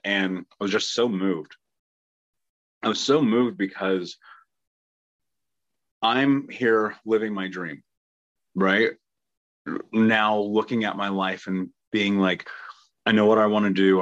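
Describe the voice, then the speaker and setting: Earnest low-voiced man, reflective monologue. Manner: earnest, heartfelt, occasional laughs. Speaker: podcast host, trauma healing coach. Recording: muffled lo-fi dry sound.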